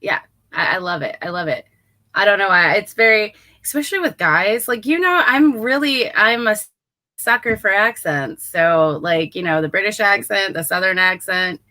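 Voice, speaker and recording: Bright, giggly young female co-host. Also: medium pitch, lively intonation, normal speed. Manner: giggly, playfully defensive. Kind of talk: casual chat.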